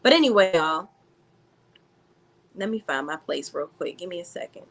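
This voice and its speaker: A woman's voice: on the low side, expressive, normal speed, pauses often, fairly bright tone, a little hiss or hum. Blunt, sassy woman recapping reality TV. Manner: blunt, sassy, profane, talks straight to viewers. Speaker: reality TV reviewer. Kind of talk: casual recap vlog.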